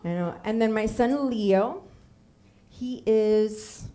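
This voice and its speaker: A woman's voice: mid-range voice, slow, mellow. A woman in her thirties from Miami, telling a comic personal story on a theater stage and acting out the voices of the people she quotes.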